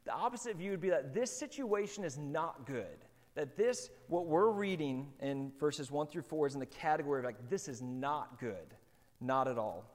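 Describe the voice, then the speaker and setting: A man preaching a sermon as pastor, in a relaxed, conversational way with lots of fillers. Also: on the high side, normal speed, big-room sound.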